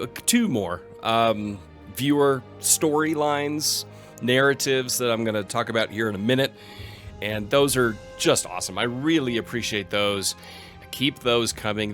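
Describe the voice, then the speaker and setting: A man chatting casually as host of a strategy game series, friendly and full of fillers. His voice sits at a mid pitch, and faint music plays underneath. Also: fairly bright tone. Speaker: let's play host.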